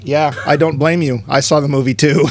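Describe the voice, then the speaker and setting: A man's voice: on the high side, level tone, fairly quick. A man co-hosting a podcast, chatting about a film in a loose, hesitant way with lots of ums. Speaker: podcast co-host. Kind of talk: casual movie discussion.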